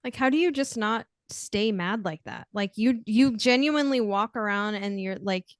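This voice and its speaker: A woman's voice: mid-range voice, moderate pace, no room sound, clean studio sound. A woman co-hosting a podcast who laughs often and cracks blunt, crude jokes in casual chat. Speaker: podcast co-host.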